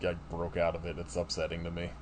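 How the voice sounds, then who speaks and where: Man, podcast co-host, very low voice, blunt swearing chat, faint background hum. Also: monotone, fast talker. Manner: swears a lot, laughing, blunt. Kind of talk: casual chat.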